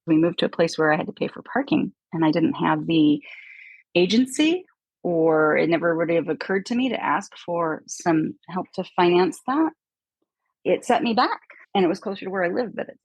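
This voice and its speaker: A woman chatting casually as a guest, telling animated stories and mimicking people in hushed voices. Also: medium pitch, no echo, poor audio. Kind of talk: casual chat.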